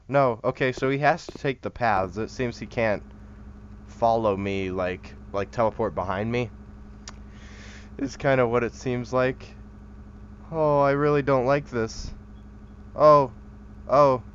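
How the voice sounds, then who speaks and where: A man's voice: mid-range voice, steady tone, slow pace, pauses often, clear, resonant tone, lo-fi sound. A man giving casual, joking commentary while playing a horror game, rambling and chatting to the things on screen. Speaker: horror game let's-player.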